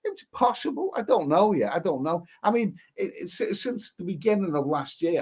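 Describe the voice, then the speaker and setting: A man chats loosely on a live stream, answering viewer comments as they come in. He rambles, restarts his sentences and repeats himself, keeping it casual and unhurried. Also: fairly high pitch, expressive, slightly rough. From England. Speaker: livestream host reading viewer comments.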